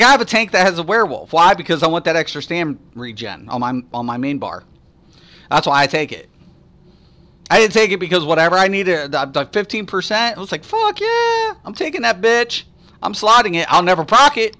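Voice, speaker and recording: A man's voice: fairly high pitch, pushed and bright. A man chatting casually on a live stream, answering viewers at length with rambling, profane rants and lots of fillers.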